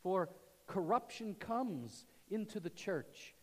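Male pastor, slow and lively sermon voice, long church reverb, loud-to-hushed swings. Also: high voice. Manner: dramatic swings from loud emphasis to hushed near-whisper. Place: church sanctuary.

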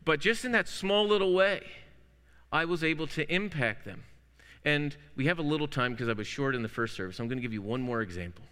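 A man's voice: on the high side, a little fast, fairly bright tone, smooth. A man preaching a sermon as pastor, telling classroom anecdotes with playful wordplay. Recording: long hall reverb.

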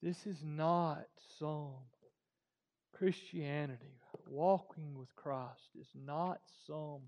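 Preacher guy, gravelly kinda high voice, goes loud then hushed in church. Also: steady tone, drawn-out words, muffled recording. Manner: impassioned, swings from loud to hushed. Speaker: pastor. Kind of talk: sermon ending in prayer.

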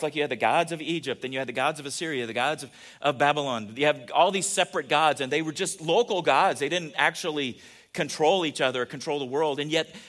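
A pastor preaching in a relaxed, conversational way, his voice sitting a bit higher than most men's. He keeps turning to his listeners with questions, dropping into quiet asides and then rising into emphatic peaks. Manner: animated, asks the audience questions, swings between soft asides and emphatic peaks. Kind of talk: conversational sermon.

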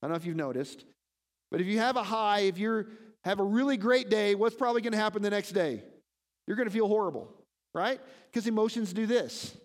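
A man preaching a sermon as pastor, animated and often asking his listeners questions. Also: sits high, a little fast, long reverb tail. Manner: animated, asks the congregation questions.

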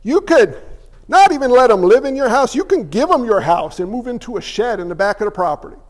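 A man with a notably high voice delivers a sermon as a pastor. He talks conversationally, mixing jokes into his points and throwing rhetorical questions at his listeners. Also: expressive, fairly quick.

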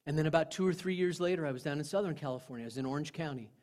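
Earnest preaching man, slightly high voice. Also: rapid-fire. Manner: earnest storytelling, swinging from loud to hushed. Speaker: pastor. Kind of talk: sermon.

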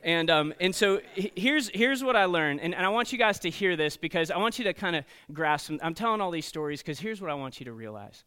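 A man preaching to teenagers as a youth pastor, telling stories in an animated way and checking in often with "okay?" and "right?". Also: high-pitched, fairly quick, few pauses, clear, resonant tone. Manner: storytelling, animated, frequent "okay?" and "right?" asides. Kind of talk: sermon to teenagers.

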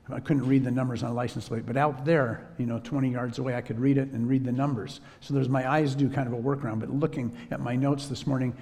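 A man preaching a sermon as a story, in a relaxed conversational way. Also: mid-range voice, creaky, big-room sound. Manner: conversational, drops to a whisper when quoting himself.

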